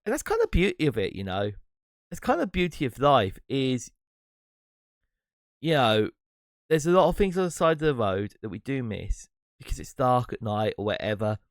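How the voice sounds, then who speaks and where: A man's voice: medium pitch, wildly swooping pitch, normal speed, dry recording, studio quality. A man hosting his own podcast, talking alone in a rambling, reflective way and breaking into laughs now and then. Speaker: podcast host and streamer. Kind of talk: casual solo monologue.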